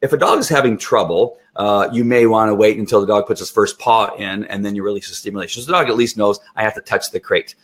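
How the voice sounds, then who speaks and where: Low-voiced man explaining dog training. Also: quick pace, few pauses. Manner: animated, acts out the dog's thoughts. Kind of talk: instructional talk.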